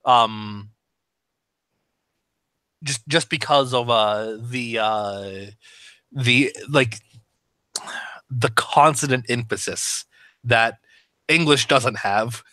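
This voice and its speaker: A man who voices characters, talking shop in a casual podcast chat, animated and swearing freely. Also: mid-range voice, very slow, long pauses, no room sound. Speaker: voice actor discussing his roles.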